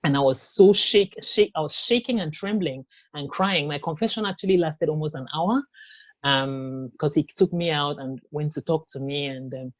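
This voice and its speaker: A woman giving a personal testimony in an interview, telling her story haltingly with pauses, restarts and quoted dialogue. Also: sits low, dry recording. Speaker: interview guest.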